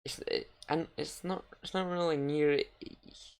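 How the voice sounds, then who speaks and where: A man reacting casually and unscripted, halting and stammering with many restarts. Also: on the high side, steady tone, vocal fry, a little mellow, clear, resonant tone. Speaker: reaction video host.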